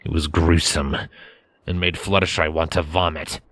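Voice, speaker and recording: Deep-voiced man narrating a story. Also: fairly even intonation, normal speed, fairly bright tone, no room sound. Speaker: fanfiction reader.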